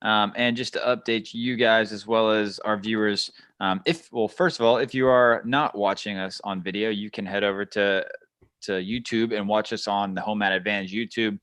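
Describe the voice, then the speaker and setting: Low-voiced man hosting a podcast. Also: steady tone, fairly bright tone, smooth, no echo. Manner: brisk, moderating the discussion. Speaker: podcast host. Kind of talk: casual chat.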